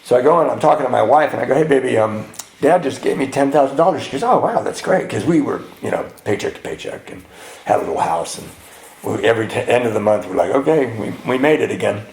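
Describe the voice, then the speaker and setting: A man sharing his twelve-step recovery story at a retreat, acting out dialogue and swinging between hushed and loud. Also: medium pitch, expressive, quick pace, gravelly. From California. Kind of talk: twelve-step share to a live audience. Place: retreat hall with audience. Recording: roomy hall with faint ambience.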